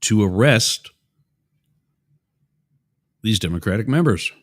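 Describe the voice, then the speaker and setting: A man's voice: lowish voice, animated, slow. A man hosting a show, giving opinionated political commentary in a rambling, digressive way with asides to his listeners. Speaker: show host.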